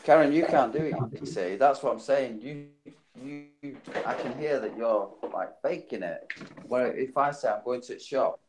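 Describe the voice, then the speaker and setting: A man's voice: medium pitch, measured pace, darkish tone, slight background noise, poor audio. A man chatting casually on an online panel call, joking and imitating how others talk. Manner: chatty, jokey, mimics other people's speech. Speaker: panel guest. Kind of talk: casual group call chat.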